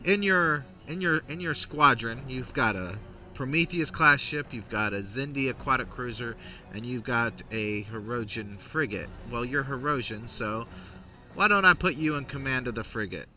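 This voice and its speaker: A man's voice: mid-range voice, expressive, moderate pace, soft background music, pitched above the performer's own voice. A man voicing a brash male fleet commodore who barks and stammers. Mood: expansive. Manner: shouty, stammering, blustering.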